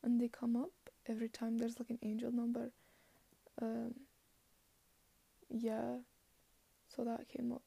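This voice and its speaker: A teenage girl rambles in a put-on Scottish accent with a dark, gravelly, fairly high voice that stays flat in tone. She talks down her own show and slips into hushed murmurs. The sound is close and dry. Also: a little slow, pauses often, no room sound. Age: late teens. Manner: rambling and self-deprecating, trailing into soft murmurs. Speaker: podcast host. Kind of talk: casual solo rambling.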